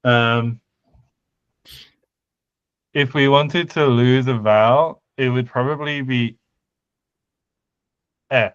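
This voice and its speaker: A man talks slowly through a casual podcast chat, pausing and restarting as he thinks aloud. His voice is smooth and clear, close and dry on a dull, lo-fi home mic. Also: medium pitch, fairly even intonation, a bit bright, no room sound. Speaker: podcast co-host. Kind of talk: casual chat about conlang sound changes.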